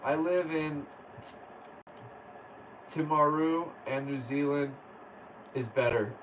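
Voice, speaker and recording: Slow-talking man, distant mic. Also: a little high, fairly bright tone. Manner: laid-back, laughs often, reads viewer comments aloud. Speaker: livestream host. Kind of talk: casual live chat reading comments. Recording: distant mic with faint background noise.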